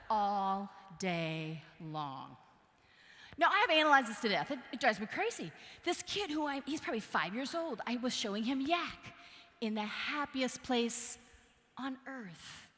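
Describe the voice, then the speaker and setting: Woman doing a lively keynote story in a big hall, bright voice, long reverb. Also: sits high. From Wisconsin. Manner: animated, playful, acts out voices and sounds. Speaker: keynote speaker. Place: large conference hall.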